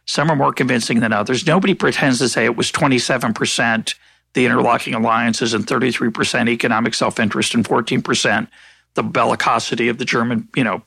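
A man hosting an interview podcast as an economist, speaking thoughtfully and acting out quoted exchanges in a higher voice. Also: fairly even intonation, fast talker, gravelly, sharp tone, breathy edge, dry recording. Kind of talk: conversational interview.

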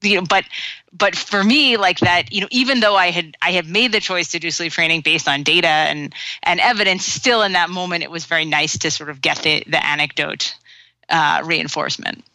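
A woman being interviewed as an author, explaining in a measured way with frequent restarts. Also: lowish voice, sharp tone, dry recording, rough recording. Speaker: author and guest. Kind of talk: conversational interview.

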